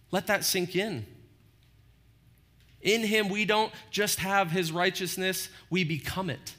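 A man's voice: high voice, steady tone, slow, long pauses, bright, forceful tone. A man preaching a sermon as pastor, conversational, often checking in with "right?" and acting out short quotes. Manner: conversational, frequent "right?" tag questions.

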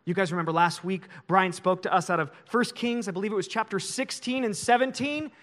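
High-voiced man preaching a sermon. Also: a little fast. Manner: animated storytelling. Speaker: pastor.

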